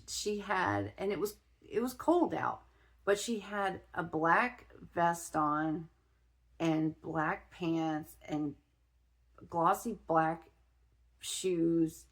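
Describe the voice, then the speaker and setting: Middle-aged woman from ohio vlogging, lowish voice, chatty and halting, lots of restarts. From Ohio, USA. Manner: chatty, with many restarts and fillers. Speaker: spiritual vlogger. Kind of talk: casual personal storytelling.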